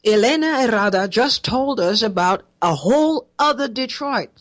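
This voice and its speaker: A woman's voice: a little high, animated, normal speed. A woman hosting a talk show, giving sarcastic, mocking political commentary.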